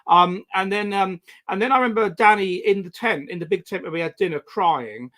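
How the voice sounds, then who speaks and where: A man in his forties talks in a high voice, circling back and restarting as he tells his stories. His delivery is loose and conversational. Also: pushed and bright. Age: 40s. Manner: rambling, halting storytelling with many restarts. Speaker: guest. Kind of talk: casual conversation.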